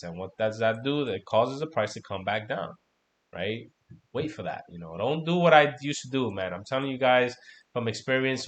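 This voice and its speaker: A man hosting a casual trading livestream, talking loosely and profanely while going over charts, peppering his talk with "man" and "right?". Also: mid-range voice. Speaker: crypto trading stream host.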